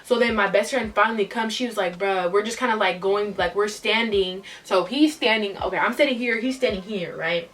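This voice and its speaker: A woman's voice: mid-range voice, a little fast, hardly any pauses, a bit bright, far from the mic. A young woman telling a storytime vlog in a casual, profane, emotional way. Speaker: vlogger. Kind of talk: storytime retelling.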